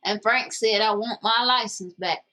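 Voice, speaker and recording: A woman's voice: a little high, unhurried, bright, forceful tone, rough recording. A woman co-hosting a casual show, bluntly reading viewer comments aloud and teasing her co-host.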